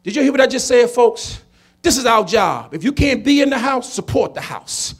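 A comedian in his forties tells a personal story to a conference audience. His voice sits very high for a man and has a husky edge. He is preachy and emphatic, often climbing into shouts. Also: sing-song, normal speed, faint music behind.

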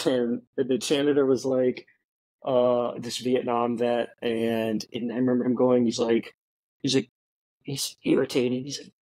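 Man, 40s, rambling animated storyteller, dry close sound. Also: mid-range voice, moderate pace, no room sound, rough recording. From Florida. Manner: animated storyteller, many fillers and restarts, laughs easily. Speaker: guest, veteran and tech founder. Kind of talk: casual storytelling interview.

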